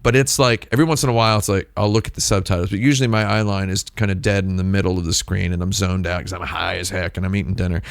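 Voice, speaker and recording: A man's voice: sits low, steady tone, fast talker, gravelly, few pauses, clear, resonant tone, dry recording, clean studio sound. A man hosting a live stream, chatting casually in a rambling, digressive way with lots of restarts. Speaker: livestream host.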